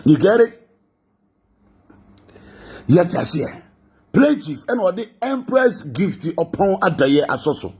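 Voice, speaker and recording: A man's voice: high voice, sing-song, a little slow, pauses often, a little mellow, slightly rough. A man with a Ghanaian accent giving mocking gossip commentary, laughing often between lines. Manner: laughing, mocking, mixing languages.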